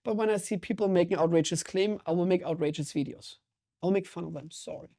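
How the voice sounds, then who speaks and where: Mellow-voiced energetic German-accented man. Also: high-pitched, quick pace, gravelly. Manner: energetic, intense, emphatic. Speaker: guest, water sommelier. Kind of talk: podcast interview conversation.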